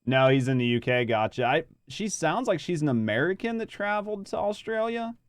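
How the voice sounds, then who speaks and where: Dude reacting to a food video, smooth voice, dry close sound, swears a lot and rambles. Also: male voice, fairly high pitch, big pitch swings, a little fast, dry recording. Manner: rambling, swears freely, chats with viewers. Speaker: reaction streamer. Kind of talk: casual live reaction commentary.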